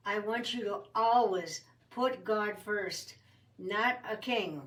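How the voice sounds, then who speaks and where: A woman's voice: mid-range voice, slow, recorded from a distance, lightly acted, poor audio. A woman voicing an old prophet speaking earnestly to a crowd in her own plain voice, set a little back from the mic.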